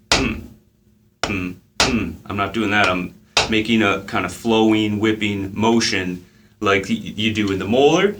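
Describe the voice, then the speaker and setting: A man teaching a drum lesson in a relaxed way, counting the beats out loud as he plays. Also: lowish voice, noisy background. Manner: counts beats aloud while playing, casual with fillers. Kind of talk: relaxed instructional talk.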